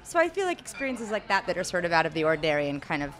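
A woman's voice: lowish voice, sing-song, racing, fairly bright tone. A young adult woman author in an interview, talking in a rambling, hesitant way full of fillers and restarts. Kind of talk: conversational interview.

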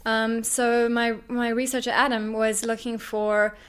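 A woman's voice: on the high side, little pitch movement, a little slow, smooth. A woman novelist and former journalist answering interview questions in a chatty way, full of restarts and fillers.

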